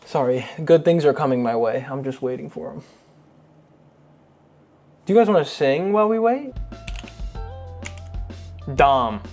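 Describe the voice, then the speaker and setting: A man's voice: mid-range voice, expressive, measured pace, creaky, long pauses, a little mellow, soft background music. A young American man chatting in a casual vlog at home, dramatic and self-mocking, swearing as he talks. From United States. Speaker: streamer and vlogger. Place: at home, setting up a computer.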